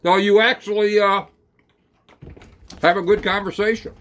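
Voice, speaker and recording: A man telling a rambling, folksy second-person story, talking slowly through it with plenty of hesitations and fillers. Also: high-pitched, steady tone, a bit bright. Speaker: channel host.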